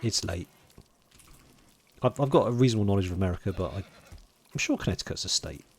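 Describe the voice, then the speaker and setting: A man's voice: sits low, animated, brisk, breathy edge. A man from London, streaming a game, chatting casually, muttering to himself while he plays and greeting viewers in chat. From England (London). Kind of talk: casual livestream commentary.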